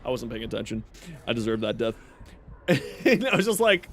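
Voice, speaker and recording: A man's voice: medium pitch, big pitch swings, a little fast, long pauses, fairly bright tone, slight background noise. A male streamer giving casual gameplay commentary, a chatty storyteller who laughs often, talking into a desk mic.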